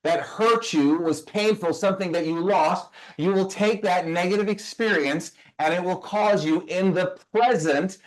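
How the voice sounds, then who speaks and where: A man teaching a motivational session, emphatic, firing rhetorical questions and asking listeners to type their answers. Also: sits high. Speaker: personal growth speaker.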